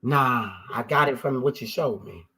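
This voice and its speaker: A man hosting a casual religious discussion on a live stream, animated and exclaiming when excited. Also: medium pitch, normal speed, a crowd in the background, low-quality recording.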